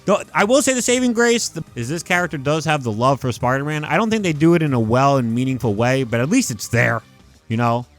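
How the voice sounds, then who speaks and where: A young man giving casual, animated commentary on film adaptations, leaning heavily on "like" and emphatic rants. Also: mid-range voice, fairly quick, soft background music. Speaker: YouTube movie commentator.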